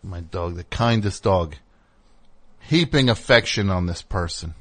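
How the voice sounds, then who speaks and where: A man's voice: low-pitched, animated, unhurried, fairly bright tone. A man hosting a comedic call-in radio show, ranting in a rambling, indignant way.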